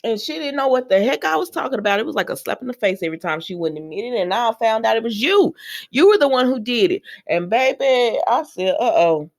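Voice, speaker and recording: A woman giving a casual, animated recap of a soap opera, speaking straight to her viewers with slangy asides. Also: a little high, brisk, gravelly.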